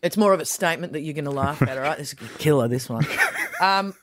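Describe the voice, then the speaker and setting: A woman's voice: low voice, expressive, fast talker. An Australian woman co-hosting breakfast radio, with wry, playful retorts. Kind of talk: casual radio banter.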